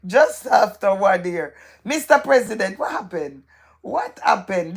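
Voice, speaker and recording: A woman's voice: mid-range voice, big pitch swings, a little slow, vocal fry, breathy edge. A woman hosting a live stream, reading viewers' comments aloud in a playful, gossipy way and repeating phrases for emphasis.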